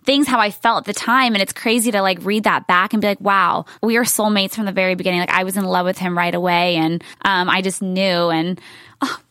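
A woman's voice: mid-range voice, steady tone, brisk, a bit bright, dry recording, clean studio sound. A woman in her thirties chatting as a podcast guest, telling a story with lots of "like"s. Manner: gushing, storytelling with many "like"s. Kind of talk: casual chat.

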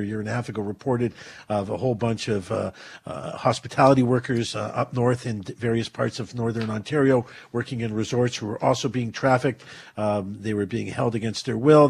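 A man's voice: medium pitch, vocal fry, a little mellow, breathy edge, no room sound. A man hosting a radio show, stuffed up from illness, earnest and rambling with many fillers. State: stuffed up, getting over covid. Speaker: radio host. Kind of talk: call-in radio talk. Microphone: studio microphone.

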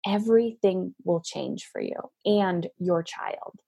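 A woman in her thirties or forties, a parenting coach, talking frankly and telling animated stories as a guest in a casual interview over a video call. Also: medium pitch, unhurried, hardly any pauses, breathy edge. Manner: frank, animated storytelling with restarts.

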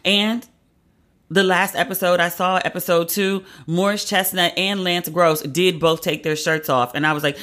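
A woman with a lowish, fairly bright voice, steady in tone and normal in speed, hosts a podcast of casual pop-culture commentary. Her manner is wry and chatty, and she often breaks into laughter.

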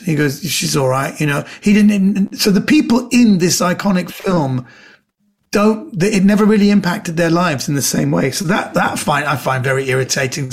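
Here a middle-aged man, a comedian guesting on a podcast, talks loosely through meandering stories and performs the quoted lines. His voice sits a little high.

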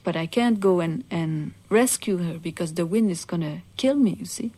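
A small, kind-hearted male eagle in a told legend speaks earnestly and confidingly, voiced in a woman's own low storytelling voice. There is barely any change from the narration. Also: moderate pace, warm tone, natural voice.

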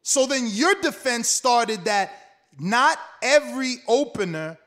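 Older male fighter, high-pitched, combative, talks over people in a heated argument. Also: animated, slow. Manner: loud, combative, repeats himself, profane.

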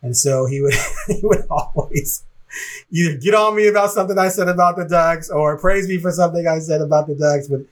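A man's voice: a little high, a little fast. A man co-hosting a sports podcast, talking in a rambling, reflective way with frequent laughs. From Portland, Oregon area. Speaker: podcast co-host. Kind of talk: casual podcast chat.

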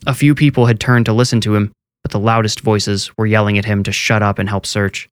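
Male narrator for serialized horror, low, measured read. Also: level tone, dry recording. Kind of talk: scripted horror audiobook narration.

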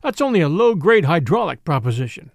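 A man's voice: fairly high pitch, big pitch swings, brisk, no echo, clean studio sound. A man doing a timid, secretive gold prospector. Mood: guarded. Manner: timid, reluctant.

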